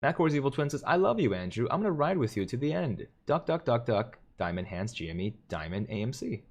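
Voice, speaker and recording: A livestream host reads viewer comments aloud and jokes around, chuckling often between them. He's a fast talker with a medium-pitched, very animated voice.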